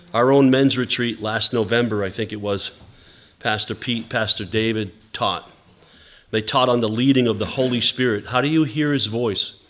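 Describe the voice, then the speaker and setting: A man's voice: medium pitch, a bit bright. A male pastor preaching an earnest, heartfelt sermon to his congregation, repeating phrases for emphasis. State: close to tears.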